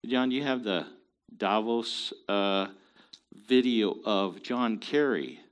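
A man's voice: fairly low pitch, slow pace. A man hosting a show, giving opinionated commentary in an emphatic, preachy way. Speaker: show host.

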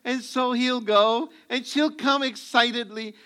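Guy preaching, high bright voice, joking stories w little acted-out lines. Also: fairly even intonation, unhurried, clean tone. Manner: humorous storytelling, acts out dialogue. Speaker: pastor. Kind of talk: sermon.

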